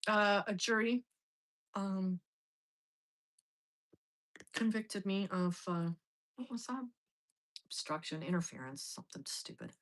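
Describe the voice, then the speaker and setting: A woman's voice: mid-range voice, takes it slowly, long pauses, a bit bright, poor audio. A middle-aged woman telling a story in a casual monologue, blunt and profane. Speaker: host.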